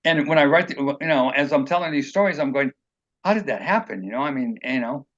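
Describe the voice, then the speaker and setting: A man's voice: mid-range voice, expressive, brisk, highs cut off. A man being interviewed as an author, telling personal stories in a rambling, earnest way and acting out what people said. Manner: rambling, earnest, acts out quotes.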